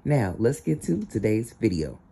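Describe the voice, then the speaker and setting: A man gives casual commentary for his channel, speaking straight to viewers. His voice is very dark and mellow, and he fills his talk with "you know.". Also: fairly low pitch, very animated, normal speed, gravelly, slight background noise. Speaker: YouTube commentator.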